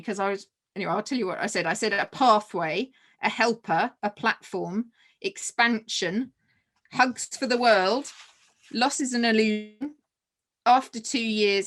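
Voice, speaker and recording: Female guest, mid-range voice; lively anecdotal storyteller with frequent laughs and restarts. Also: mid-range voice. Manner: animated, laughs often, many restarts and fillers. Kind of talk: personal storytelling in a conversation.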